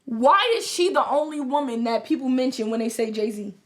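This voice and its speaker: Brief: high-pitched woman guest, animated casual storyteller. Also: moderate pace. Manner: animated storytelling, many fillers. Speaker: podcast guest, music artist. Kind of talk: casual chat.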